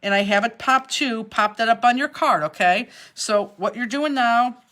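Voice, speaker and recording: A woman's voice: on the high side, normal speed, a bit bright. Chatty woman teaching a craft class. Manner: chatty, step-by-step instructions. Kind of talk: live online craft tutorial.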